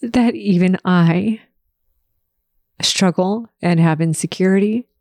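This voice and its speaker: A woman hosts her own podcast in a slow, earnest, confessional monologue. Her voice has a gravelly edge of vocal fry, and the sound is close and dry, with no room around it. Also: on the low side, darkish tone, no room sound. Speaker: podcast host.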